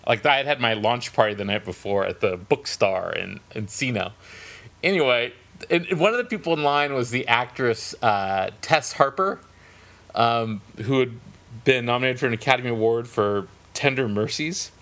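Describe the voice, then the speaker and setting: A middle-aged man spins a self-deprecating story about his writing career in relaxed podcast chat. His voice sits at an ordinary middle pitch, and he comes through a video-call mic. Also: moderate pace. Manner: self-deprecating, animated anecdote-telling with laughs. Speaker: novelist and podcast host.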